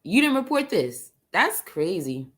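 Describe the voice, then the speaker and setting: A woman's voice: mid-range voice, big pitch swings, measured pace. A woman with a New York accent chatting on a panel, blunt and profane, laughing often. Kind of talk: casual panel chat.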